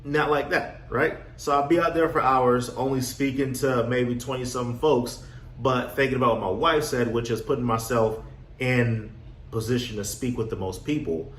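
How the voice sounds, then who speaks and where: A man coaching on real estate wholesaling in a casual motivational talk, acting out his own past with lively energy. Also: mid-range voice, moderate pace. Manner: animated storyteller, acts out his younger self. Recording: echoey room, faint background noise.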